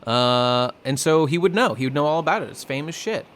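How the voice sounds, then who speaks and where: A man co-hosting a podcast, chatting casually and excitably about a manga chapter with playful asides. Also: a little high, fairly quick. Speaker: podcast co-host.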